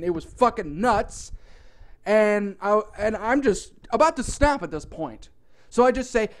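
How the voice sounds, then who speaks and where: A man narrating a comic storytime in an animated, profane, exaggerated way. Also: high-pitched.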